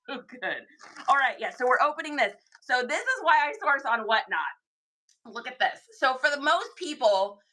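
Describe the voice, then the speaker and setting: A young woman hosting a reseller livestream, chatting excitedly with her viewers about thrift finds. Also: high-pitched, poor audio. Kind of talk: casual livestream chat.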